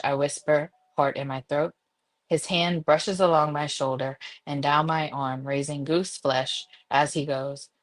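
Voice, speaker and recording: A woman's voice: sits low, fairly even intonation, a little slow. A woman reading a romance novel aloud, giggling now and then between passages. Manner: giggly, breaks into laughter. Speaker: reader.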